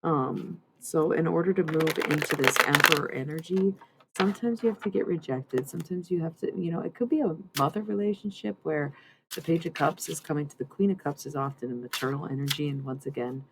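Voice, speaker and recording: A woman streams live against a noisy background, chatting in a rambling way and doing a tarot reading while swearing freely. Her voice is low-pitched with vocal fry, and she talks fairly quickly.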